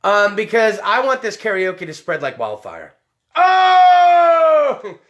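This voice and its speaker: A man's voice: high voice, sing-song, normal speed, sharp tone. A man hosting a live-streamed show, talking in a loose, tipsy, heavily profane way. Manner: rowdy, tipsy, swears a lot. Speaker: podcast host.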